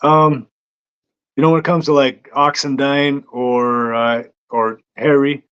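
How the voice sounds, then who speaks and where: A man's voice: medium pitch, little pitch movement, slow, fairly bright tone, smooth. Easygoing male fighter telling stories. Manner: easygoing, hesitant, lots of ums. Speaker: bare knuckle fighter, guest. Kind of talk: casual interview storytelling. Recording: dull lo-fi sound.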